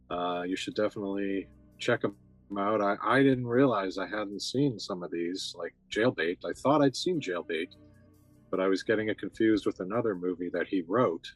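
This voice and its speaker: Male podcast co-host, lowish voice, measured, lots of fillers. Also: no echo. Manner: brief agreeing replies, measured and hesitant when talking at length. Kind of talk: casual film chat.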